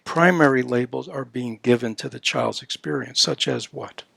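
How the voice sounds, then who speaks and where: A man's voice: mid-range voice, moderate pace, vocal fry, fairly bright tone, dry recording. An older man giving a dharma talk at a retreat, conversational and full of "you know" and "right?", now and then voicing playful baby-talk examples. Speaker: Buddhist dharma teacher.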